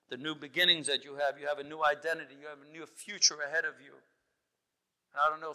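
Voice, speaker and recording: A man's voice: a little high, sharp tone, long reverb tail, poor audio. A man preaching a sermon as a pastor, with building, emphatic exhortation.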